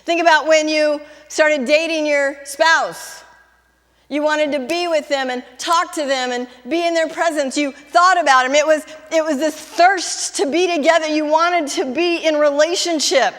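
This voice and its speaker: A woman's voice: high-pitched, fairly even intonation, normal speed, fairly bright tone, in a large hall. A middle-aged woman pastor preaching a sermon, chatty at times, then building to fervent emphasis. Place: church sanctuary.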